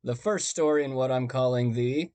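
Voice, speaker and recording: Wry, laid-back podcast host. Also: male voice, medium pitch, moderate pace, a little mellow, clear, resonant tone, no room sound. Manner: conversational, wry and self-deprecating. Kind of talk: casual storytelling podcast.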